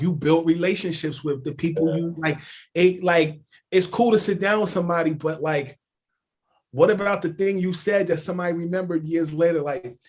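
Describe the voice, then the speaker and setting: A man telling stories as a sports journalist guest on a casual podcast, animated and full of "like" and "yo". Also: on the high side.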